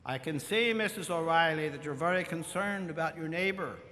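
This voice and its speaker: Gentle patient God, as a preacher speaks him. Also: male voice, fairly high pitch, normal speed. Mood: gently probing. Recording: long church reverb, faint room noise.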